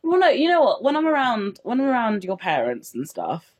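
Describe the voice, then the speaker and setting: A woman's voice: fairly high pitch, wildly swooping pitch, fairly quick, slight background noise. A woman co-hosting a casual podcast chat, talking freely and mimicking how others speak. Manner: chatty, laughing, mimics others. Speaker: podcast co-host.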